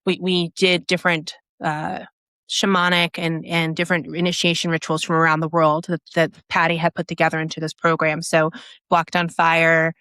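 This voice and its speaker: A woman guest on a podcast tells her story in a casual, animated way, full of "like" and restarts, and she acts out what people said. Her voice sits a little low for a woman. The recording is close and dry. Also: moderate pace, clear, resonant tone, no echo. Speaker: podcast guest, app founder. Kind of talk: personal storytelling in a podcast interview.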